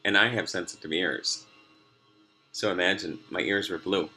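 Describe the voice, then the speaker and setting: A man's voice: deep voice, fairly even intonation, moderate pace, pushed and bright, soft background music. A man talking to his viewers in a rambling personal video diary from a room at home, drifting off topic with many fillers and laughs. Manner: meandering, sidetracked, many fillers, laughs often. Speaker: vlogger.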